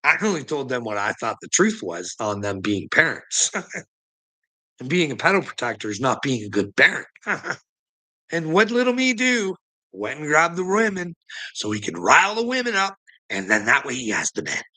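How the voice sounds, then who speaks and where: Man ranting with a forceful, tense voice. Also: mid-range voice, huge pitch swings, moderate pace. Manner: taunting, sneering, laughs between jabs. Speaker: online commentator. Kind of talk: profane mocking rant to camera.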